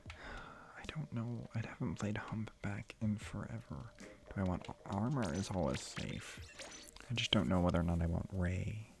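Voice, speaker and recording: A young man streaming a game late at night, talking quietly and half-whispering in a rambling, restarting way so he won't wake his sister. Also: sits low, normal speed, vocal fry. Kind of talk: quiet live stream chat while playing. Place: room at home at night. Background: game music.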